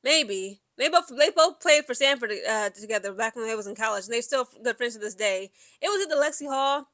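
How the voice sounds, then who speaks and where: A woman's voice: a little high, lively intonation, brisk, fairly bright tone. A woman giving a casual, chatty recap of a basketball game, talking in with lots of fillers and asides. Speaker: sports commentary vlogger. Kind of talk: casual sports recap chat.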